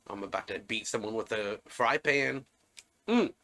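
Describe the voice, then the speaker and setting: A man giving casual, animated let's-play commentary, talking to viewers as he plays. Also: on the low side, moderate pace, soft background music. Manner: animated, excitable, talks to viewers. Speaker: gaming video creator.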